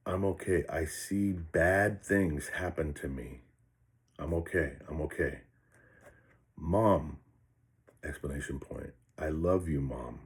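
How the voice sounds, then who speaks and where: An older man, a retired police officer, recounting a personal experience and reading from his own notes in a halting, earnest way, often restarting and repeating words. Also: extremely low pitch.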